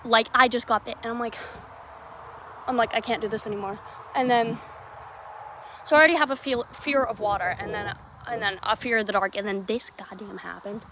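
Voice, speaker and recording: A young woman hosting her own podcast, telling a story casually, rambling and swearing, with many restarts, swinging between loud and hushed. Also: a little high, moderate pace, long pauses, slight background noise. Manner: lively, jumping from loud to hushed. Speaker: podcast host.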